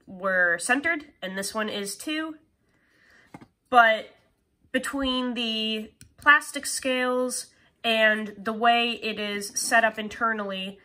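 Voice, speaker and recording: A woman's voice: medium pitch, bright, forceful tone. A young woman who sounds nasal from a cold, chatting casually as she reviews a pocket knife in a vlog. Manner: chatty, upbeat, explains details.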